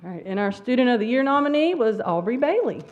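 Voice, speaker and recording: A woman's voice: on the high side, very animated, fast talker, background noise. A middle-aged woman teacher speaking at a church school awards service, emotional and trying not to cry. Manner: emotional, near tears. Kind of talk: award ceremony speech. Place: church sanctuary. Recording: dull lo-fi sound.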